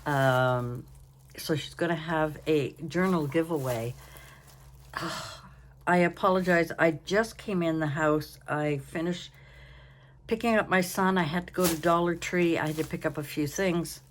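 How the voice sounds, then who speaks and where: Tired, slow-talking older woman. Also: deep voice, a little hiss or hum. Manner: chatty, rambling, yawning, apologetic. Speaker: craft channel host. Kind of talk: casual crafting vlog. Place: home.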